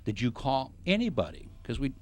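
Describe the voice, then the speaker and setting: A man's voice: mid-range voice, very animated, fairly quick. A middle-aged man hosting a radio talk show, telling a long joking anecdote in casual chat. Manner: jokey anecdotal storyteller. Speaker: radio show host, financial advisor.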